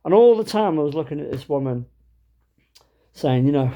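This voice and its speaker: A man's voice: fairly high pitch, animated, moderate pace, warm tone. A man telling a comic anecdote in a chatty, wry way, with lots of fillers and small restarts. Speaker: storyteller. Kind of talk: comic anecdote told to camera.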